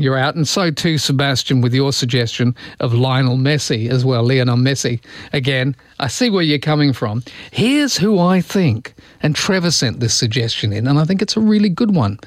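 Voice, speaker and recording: A man hosting a radio show, bantering casually and slipping into quick celebrity impressions. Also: medium pitch, dry recording, clean studio sound. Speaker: radio host. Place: radio studio.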